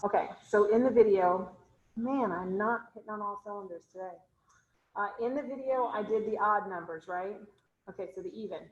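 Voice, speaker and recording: A woman's voice: medium pitch, moderate pace, reverberant, highs cut off. A woman chemistry instructor teaching an online class, asking her students question after question and thinking aloud as she draws. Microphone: video call.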